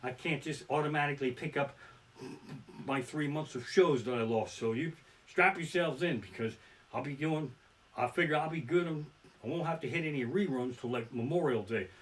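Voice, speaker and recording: A man doing stand-up storytelling from his living room, ranting and swearing as he swings between muttered asides and loud outbursts. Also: fairly high pitch, moderate pace. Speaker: stand-up comedian. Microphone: barebones home setup.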